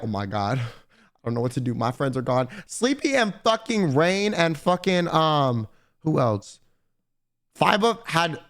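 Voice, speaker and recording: A man's voice: a little high, fairly bright tone. A man streaming live, casually telling a long convention story to his chat, rambling and swearing a lot.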